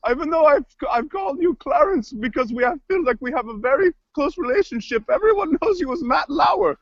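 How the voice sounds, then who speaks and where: A man's voice: extremely high pitch, lively intonation, normal speed, dry recording. A man improvising a proud, touchy woman TV chef who rambles and stalls on filler words, in a comedy scene over a lo-fi online call. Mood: chirpy. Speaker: improv performer. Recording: dull lo-fi online call audio.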